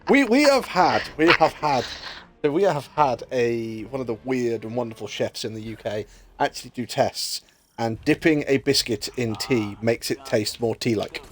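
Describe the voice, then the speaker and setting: A man's voice: medium pitch, moderate pace, slight background noise. A British man in his thirties chatting casually while streaming a game, joking and telling stories with plenty of swearing. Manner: animated, joking storyteller who swears freely. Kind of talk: casual chat while gaming.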